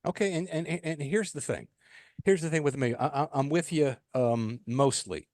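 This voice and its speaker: A man co-hosting a podcast, chatting casually in an animated, joking way and often repeating himself. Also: fairly high pitch, moderate pace, no room sound, clean studio sound. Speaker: podcast co-host. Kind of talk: casual chat.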